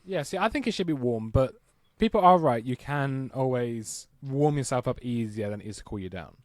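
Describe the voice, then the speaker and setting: A man's voice: medium pitch, expressive, moderate pace, dry recording, studio quality. A man co-hosting a podcast in casual chat, easygoing and teasing, laughing along. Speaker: podcast co-host.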